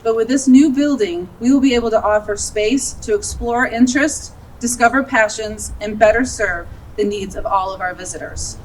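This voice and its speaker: A woman's voice: a little high, a little hiss or hum. Emotional woman giving an outdoor speech. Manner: earnest, a little emotional, laughing at herself. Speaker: library director. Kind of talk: ceremony speech. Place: outdoors at a groundbreaking. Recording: distant outdoor recording, faint ambience.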